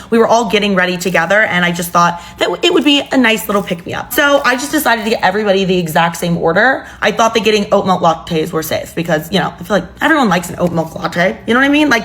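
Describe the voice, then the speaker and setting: Casting: young woman, casual storytime narrator, chatty, mid-pitched voice. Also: a bit bright. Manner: chatty, exasperated asides.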